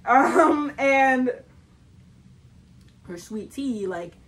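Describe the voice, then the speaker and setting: Chatty young woman, high voice. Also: animated, very slow, low-quality recording. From Southern United States. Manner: chatty storytelling, laughs often, many fillers. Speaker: vlogger. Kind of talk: casual chat to camera.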